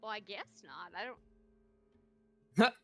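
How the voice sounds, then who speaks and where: A woman's voice: medium pitch, expressive, slow, gravelly, pushed and bright, soft background music. A woman playing her character in a tabletop game, breezy and playful. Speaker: player.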